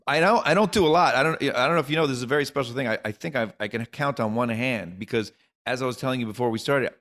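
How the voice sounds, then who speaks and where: A man's voice: medium pitch, fast talker, fairly bright tone. A middle-aged man, a comedian guest, talking in a rambling, joking way full of restarts and asides. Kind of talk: casual interview chat.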